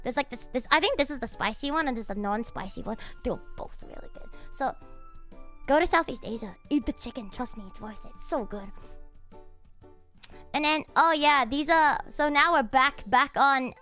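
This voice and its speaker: A young woman streamer chatting casually and excitably, breaking into laughter and swearing freely. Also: high-pitched, moderate pace, faint music behind. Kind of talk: casual chat.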